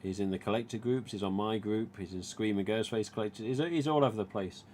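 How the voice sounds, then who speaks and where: A man's voice: fairly low pitch, quick pace, darkish tone, a little hiss or hum. A man with an English East Midlands accent hosting a casual live stream, rambling chattily through his topic. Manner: chatty, rambling, retells dialogue. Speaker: live stream host, mask collector.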